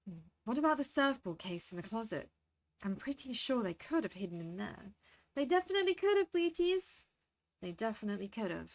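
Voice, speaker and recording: A woman's voice: medium pitch, brisk. A woman streaming a game, chatting with her viewers as she plays. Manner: chatty, talks to chat between reading game lines. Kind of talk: casual game commentary.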